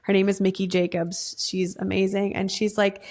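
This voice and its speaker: A woman's voice: mid-range voice, flat delivery, normal speed, hardly any pauses, a little mellow. A woman hosting a podcast, speaking earnestly and thoughtfully about intuition in a reflective interview.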